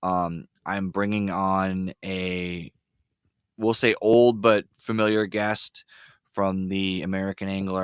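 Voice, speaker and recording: A man hosting a casual podcast, rambling with lots of fillers and telling excitable stories. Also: low voice, clean tone, no room sound, studio quality. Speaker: podcast host. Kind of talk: casual chat. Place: ice fishing shanty.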